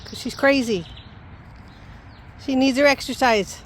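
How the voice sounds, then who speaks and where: A woman's voice: sits high, lively intonation, a little slow, pauses often. A woman talking in coaxing, affectionate baby talk to her puppy and parrot while walking outdoors, recorded on a handheld phone. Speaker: pet owner vlogger. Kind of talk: casual talk to her pets. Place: outdoors on a walk.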